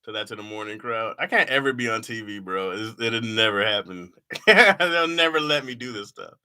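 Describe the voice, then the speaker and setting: A man's voice: lowish voice, animated, normal speed, bright, forceful tone, clear, resonant tone. A man reading his old jokes aloud to a live chat in casual talk, laughing at them and mocking himself.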